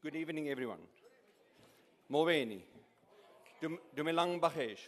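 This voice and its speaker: A man's voice: on the high side, animated. A man running a charity auction at an awards evening, cracking jokes and often stopping to restart his words. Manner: jokey, halting with many restarts and repeats. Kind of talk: live event MC, joking auction patter. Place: large event hall. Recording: echoey hall.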